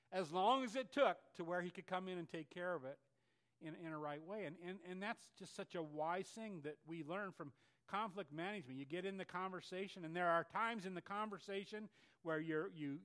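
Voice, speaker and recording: An older male pastor preaching a sermon in a conversational, animated way, with frequent restarts and asides. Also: high voice.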